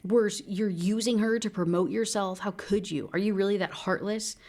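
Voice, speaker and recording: A woman's voice: medium pitch, steady tone, normal speed, darkish tone, voice pushed up, lightly acted. Desperate grieving young man, read out by a woman. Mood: accusing.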